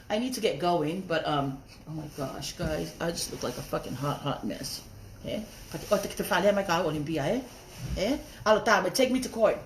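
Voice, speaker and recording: Young woman, heated live-stream rant, rapid and lively, roomy echo. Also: lowish voice, slight background noise. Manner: confrontational, mixing Tongan and English. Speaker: livestreamer.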